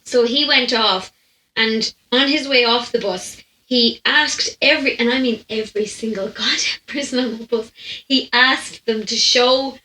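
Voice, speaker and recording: A woman's voice: on the high side, a little slow, bright, forceful tone. A young Irish woman hosting a storytime podcast, chatting animatedly, laughing often and breaking off mid-sentence. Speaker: podcast host. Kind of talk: storytime anecdote chat. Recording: roomy echo.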